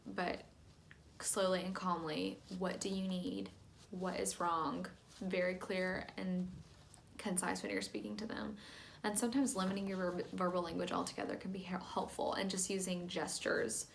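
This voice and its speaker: A young woman teacher giving a calm, plain training talk to church volunteers, with many "um" fillers. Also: lowish voice, normal speed, creaky, a little hiss or hum. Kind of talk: instructional talk.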